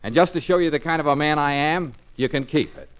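An actor playing a breezy, wisecracking private detective in a 1940s radio drama, stammering when flustered. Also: male voice, fairly high pitch, fast talker, loud music behind the voice, close to an everyday voice. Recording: lo-fi old radio broadcast.

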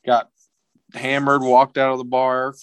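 A young man from tells a story in casual podcast chat. His voice sits mid-range, recorded dry and close. He acts out the quotes in a higher, livelier voice. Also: completely flat delivery, measured pace, clean tone, dry recording. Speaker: podcast guest.

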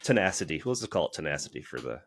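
A man's voice: deep voice, expressive, very fast. A man co-hosting a podcast, teasing the others in playful banter. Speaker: podcast co-host. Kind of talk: joking banter.

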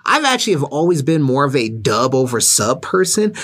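A podcast co-host chats casually, his medium-pitched voice moving a little fast. He's animated and rambling, packing his talk with fillers.

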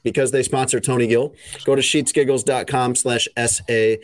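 A man's voice: medium pitch, steady tone, moderate pace. A man hosting a casual podcast chat, teasing his co-hosts and reading an ad in an easygoing way. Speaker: podcast host.

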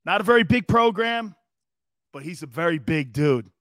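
A middle-aged man hosting a sports talk radio show, loud and joking, laughing often as he rambles. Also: high voice, animated, moderate pace, no room sound, studio quality.

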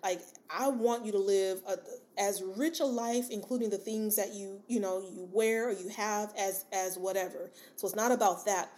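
A woman's voice: medium pitch, fairly even intonation, normal speed, darkish tone. A woman hosting a solo podcast, talking casually and encouragingly to her listeners with lots of fillers and asides. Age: adult with a daughter. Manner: casual, chatty, rambling with many fillers and asides; addresses listener as sis, encouraging. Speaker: podcast host.

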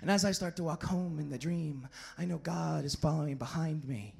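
A man performing a comic slam poem at a live poetry venue on a stage microphone, animated and swinging between shouts and hushed lines. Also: fairly high pitch, moderate pace, gravelly, breathy edge. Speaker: slam poet.

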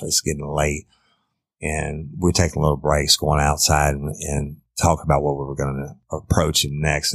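Ex-detective, deep voice with a flat delivery, blunt and profane, matter-of-fact storyteller. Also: male voice, vocal fry, no echo. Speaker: former police detective. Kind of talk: storytelling in an interview.

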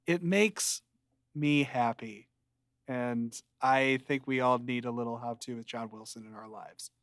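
A young man co-hosting a podcast, chatting casually and ranting at his friend in mock anger, with a dry deadpan delivery. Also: medium pitch, a little slow, no echo. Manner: mock-angry deadpan rants. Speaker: podcast co-host. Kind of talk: casual chat.

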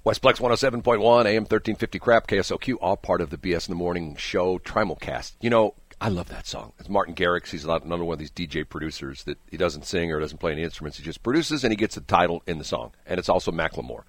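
A man's voice: sits low, animated, quick pace, hardly any pauses, dry recording. A man hosting a morning radio show, chatting casually and jokingly, mocking himself and laughing often. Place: radio studio.

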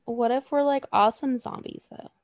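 A woman's voice: a little high, steady tone, moderate pace, dry recording. A woman co-hosting a casual chat, rambling and joking, swearing freely. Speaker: podcast co-host.

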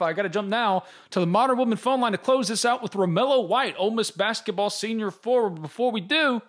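A man hosting a sports podcast, talking casually and teasing his co-host in an animated, joking way. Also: high-pitched. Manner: animated, joking, quick to tease.

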